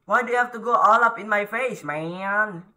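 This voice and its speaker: A man doing horror let's-play commentary, jumpy, yelling and pleading at the ghost on screen. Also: high-pitched, moderate pace. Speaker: gaming YouTuber.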